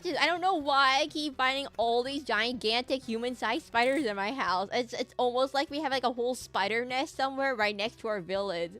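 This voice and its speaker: A woman's voice: high voice, fairly bright tone. Giggly, goofy woman streamer. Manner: goofy, rambling, giggly, hums and sings snippets. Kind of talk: casual gameplay commentary.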